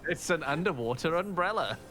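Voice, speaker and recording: A man joking excitedly with friends while they play a game. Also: on the high side, fairly quick, background noise. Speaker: gaming friend. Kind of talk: casual gaming chat. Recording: game music behind voice. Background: game music.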